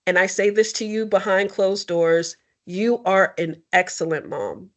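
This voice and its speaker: A young adult woman sharing personal stories in a candid, expressive and sometimes tearful conversation. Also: medium pitch, a little slow. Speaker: podcast co-host. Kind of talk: emotional heartfelt conversation.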